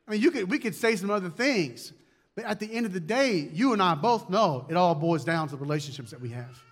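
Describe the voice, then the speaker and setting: A man's voice: sits high, animated, fairly quick. A male pastor preaching a conversational sermon, repeating key words and acting out little asides.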